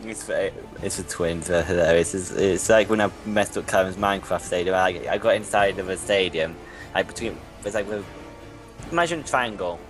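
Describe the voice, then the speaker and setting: A man's voice: sits low, moderate pace, faint music behind. A young man co-hosting a casual gaming chat, blunt and sweary, often stammering on the first words. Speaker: co-host.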